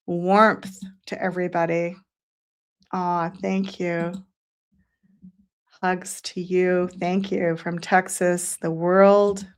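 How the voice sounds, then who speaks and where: A woman hosting a live psychic show, reading out viewer comments and thanking them one by one in an effusive, unhurried way. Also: fairly low pitch, level tone, clean tone.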